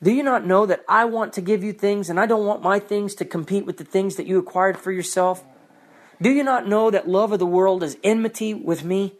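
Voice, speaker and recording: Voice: mid-range voice, fairly even intonation, fairly quick, natural voice. A preacher voicing God as a jealous husband who asks hurt, reproachful questions. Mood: pleading.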